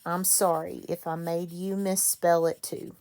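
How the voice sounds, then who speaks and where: A woman teaches a children's reading lesson, talking at an unhurried pace. Her voice sits fairly low and has a gravelly fry to it. She is patient and stops to correct her own slips. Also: level tone, darkish tone. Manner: slow, patient, self-correcting.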